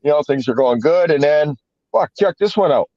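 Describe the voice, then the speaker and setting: A man rambles through a profane story on a podcast, his voice set a little high for a man. The sound is dull and lo-fi, with a dry, dead room and no echo. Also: animated, normal speed, warm tone. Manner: profane, rambling storyteller, heavy swearing and fillers. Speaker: podcast co-host telling a story. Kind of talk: casual chat.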